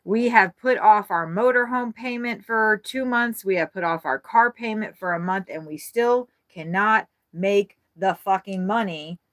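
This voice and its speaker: A woman talking on a casual livestream from inside her RV. She is frazzled and overwhelmed, swears freely and talks in quick, jumbled bursts with a mid-range voice. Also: mid-range voice.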